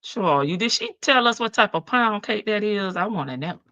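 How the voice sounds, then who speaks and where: Woman streamer w a big country voice, bright tone, dry close sound, chatty greetings. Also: mid-range voice, animated, moderate pace, no room sound. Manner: greets chat viewers one by one, chatty and drawling. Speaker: livestream host. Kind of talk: casual livestream chat.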